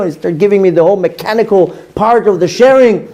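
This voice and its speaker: A man, a rabbi telling a lively story to his class and acting out his own reactions. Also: high voice, fairly quick. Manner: animated, acts out his own reactions in quotes.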